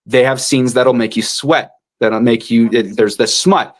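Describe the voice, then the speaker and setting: Male audiobook narrator, casual and animated, mid-range voice, chatty interview guest. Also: mid-range voice. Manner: animated, drops into quick character voices.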